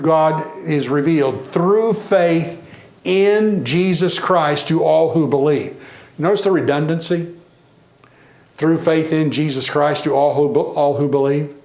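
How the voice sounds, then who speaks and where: A man preaching a sermon in a church, animated, varying his pace and acting out the people he quotes. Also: on the high side, reverberant. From Tennessee.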